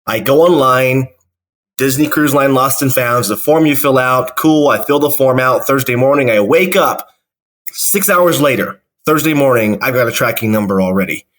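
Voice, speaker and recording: A man's voice: mid-range voice, moderate pace, a bit bright. A man hosting a theme park podcast, telling a trip story in upbeat casual chat. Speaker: podcast host.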